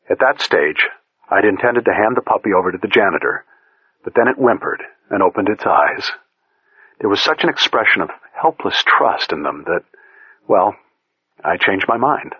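A man reads a first-person story aloud in a measured, deliberate way, his voice sitting fairly low and a little husky. The recording is dry and dull, with muffled highs like an old lo-fi tape. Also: no echo. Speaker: audiobook narrator.

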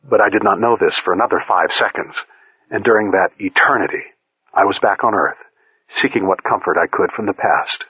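A man narrating a first-person short story in a measured, deliberate reading voice, on a dull lo-fi recording. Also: lowish voice, breathy edge, no echo. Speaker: audiobook narrator.

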